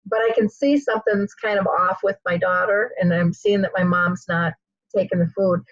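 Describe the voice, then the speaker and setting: A woman hosting an interview, telling a personal story in a lively way and acting out the people she quotes. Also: on the low side, moderate pace, dry recording, dull audio. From United States. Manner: animated storyteller, acts out quoted voices. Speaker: host.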